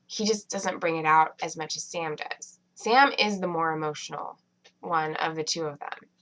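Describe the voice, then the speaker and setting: A woman's voice: deep voice, normal speed, fairly bright tone, poor audio. A woman reviewing a TV episode in a casual, rambling way, full of fillers and restarts. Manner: chatty, many fillers and restarts.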